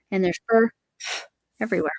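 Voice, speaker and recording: A woman's voice: medium pitch, a little slow, dry recording. A woman hosting a casual live chat while she crochets, reading viewer comments aloud and talking to her cat. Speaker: livestream host.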